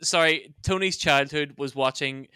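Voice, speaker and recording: A man's voice: fairly high pitch, measured pace. A man co-hosting a podcast, joking and teasing in casual chat. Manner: jokey, animated. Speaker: podcast co-host.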